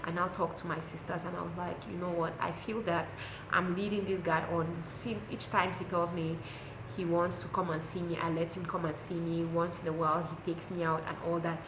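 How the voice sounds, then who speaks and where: Telling a personal story for her vlog, this young Cameroonian English speaker brings it to life by acting out people's quotes. She talks fairly quickly in a lowish voice, and the sound is reverberant with noise behind her.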